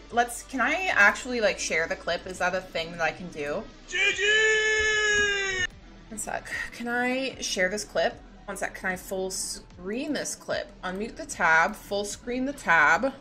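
A young woman streaming a block-building game, chatting casually and greeting her viewers excitedly. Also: medium pitch. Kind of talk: casual live-stream chat. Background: faint background music.

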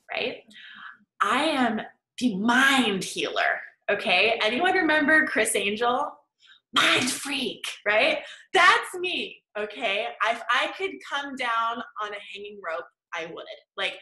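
A woman's voice: medium pitch, bright, forceful tone. A woman manifesting coach teaching in a casual, chatty way, tagging her points with "right?" and "okay?". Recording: echoey room.

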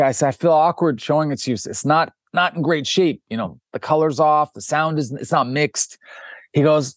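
Speaking a little fast in a mid-range voice, a documentary director guesting on an interview tells an animated story, voicing the quoted dialogue of its characters. He restarts often, and the studio-quality recording has no echo.

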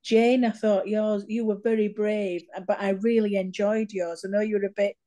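A woman with a mellow, darker tone chats on a video call. She speaks candidly and with enthusiasm, and her words come out plainly. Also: medium pitch, flat delivery, normal speed. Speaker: poetry event participant. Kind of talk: casual video call chat.

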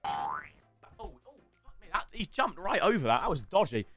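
A young man commentating casually over a football video game, excitable and swearing, with sudden shouts and mutters. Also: fairly high pitch, moderate pace, no echo, soft background music. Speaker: gaming streamer.

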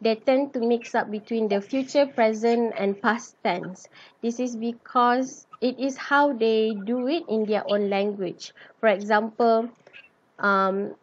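Woman, young adult, Malay speaker, student class presentation, fairly high voice, hesitant with ums, muffled lo-fi sound. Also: slow pace. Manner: hesitant, many ums and restarts. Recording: dull lo-fi recording.

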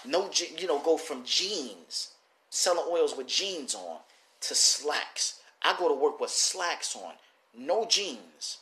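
A man selling oils who gives an animated, casual motivational lesson, often repeating and restarting his phrases. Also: fairly high pitch, slow, echoey room. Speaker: oil seller teaching a lesson. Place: works in Detroit.

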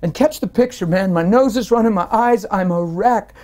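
A man telling his personal faith testimony in an interview, earnest and animated, rising with strong feeling as he tells it. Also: sits high, normal speed.

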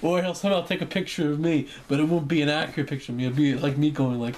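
This young vlogger's voice is on the high side, steady in tone, and a little mellow, and he talks fast with hardly any pauses. Speaking to camera, he rambles jokily and acts out imaginary conversations over faint background noise.

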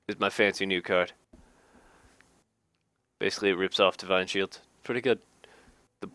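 A man's voice: sits low, pushed and bright, clear, resonant tone, no echo. A man casually reading game card text aloud, cracking jokes, laughing at them, and adding dry asides. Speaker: gaming YouTuber reading card flavor text.

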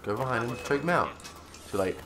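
A man's voice: medium pitch, lively intonation, a little fast, bright, forceful tone. A young man co-hosting a game video, teasing his friend and humming goofy sound effects. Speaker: co-host gaming. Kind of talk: casual gameplay banter.

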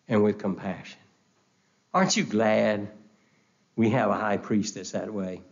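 An older man preaching a sermon, often repeating words and climbing to high, emphatic pitch as he presses a point. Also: a little mellow, dull audio.

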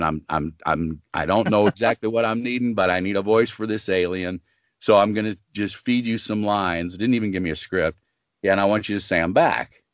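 A man's voice: on the low side, dry recording, dull audio. An older man, a voice actor and smoker, telling stories in an interview and acting out the people in them. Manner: animated storyteller acting out quoted voices. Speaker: voice actor guest. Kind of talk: casual storytelling interview.

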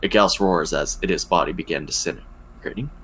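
A man co-hosting a comedy podcast, reading fan fiction aloud and throwing in quick jokes. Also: low voice, a bit bright, slight background noise, rough recording. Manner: wisecracking, drops quick jokes. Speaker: podcast co-host. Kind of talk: comedic read-aloud and banter.

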